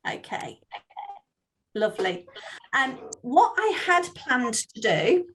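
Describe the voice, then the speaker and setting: A woman's voice: fairly high pitch, big pitch swings, takes it slowly, a bit bright, low-quality recording. A woman hosting a volunteer meeting on a video call, chatty and friendly, with many ums. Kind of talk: online meeting talk.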